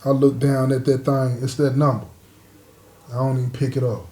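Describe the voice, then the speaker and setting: A man casually telling a personal story to his listeners, animated and full of asides. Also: mid-range voice, normal speed. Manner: animated, talks straight to listeners with frequent asides.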